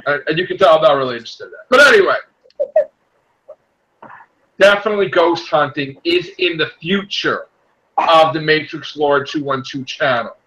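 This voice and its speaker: Excitable high-voiced man hosting a chat. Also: moderate pace, long pauses, poor audio. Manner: excitable, bursts into loud shouts and laughter. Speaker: podcast host. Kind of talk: casual group chat.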